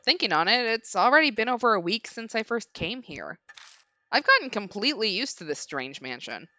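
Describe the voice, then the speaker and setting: A weary, frightened young lord narrates his ordeal, read aloud by a woman streamer. Her voice is bright and animated, swinging up and down. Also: fairly high pitch, brisk. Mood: uneasy. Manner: reading game narration aloud. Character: haunted young male lord, anxious and weary.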